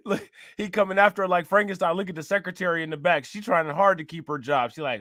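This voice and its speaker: A man hosting a show, reacting to a news clip with loud, laughing, mocking commentary. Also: sits high, a little fast, no room sound, studio quality.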